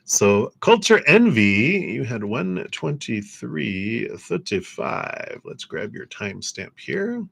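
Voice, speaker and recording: A man giving a livestream tarot reading, chatty and upbeat, laughing often as he offers gentle spiritual encouragement. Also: mid-range voice, very animated, takes it slowly, vocal fry, few pauses, husky. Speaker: tarot reader.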